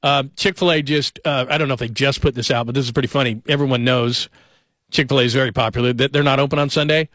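A man's voice: medium pitch, steady tone, fast, a bit bright, no room sound. A man in his forties hosting a sports radio show, chatting casually and telling joking stories at a studio microphone.

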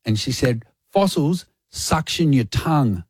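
A man on breakfast radio tells a story, switching into other people's voices as he quotes them. He speaks at a middle pitch, and the studio sound is close and dry. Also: a little slow, slightly rough, no room sound. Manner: animated, acts out quotes. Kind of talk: casual storytelling chat.

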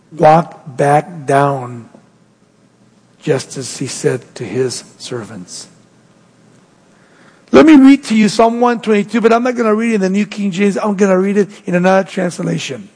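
Male pastor, high husky voice, dramatic sermon delivery, long reverb. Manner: preaching with sweeping rises and drops in pitch.

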